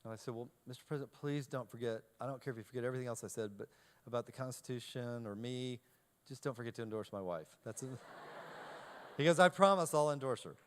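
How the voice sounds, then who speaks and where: Animated man telling a funny story. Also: mid-range voice, quick pace. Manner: animated storyteller, self-deprecating, acts out dialogue. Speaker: keynote speaker. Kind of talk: humorous anecdote told to a live audience.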